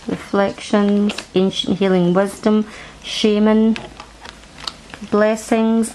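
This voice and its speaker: A woman's voice: mid-range voice, slight background noise, poor audio. A woman chatting through a card deck review at home, rambling and restarting her sentences. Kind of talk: casual show-and-tell review. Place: at home, indoors.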